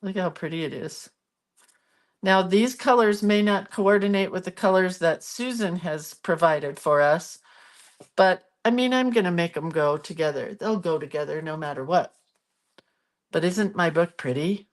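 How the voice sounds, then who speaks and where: A woman's voice: lowish voice, normal speed. A woman hosting a casual live art stream from her home craft room, chatting and greeting viewers by name. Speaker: art livestream host.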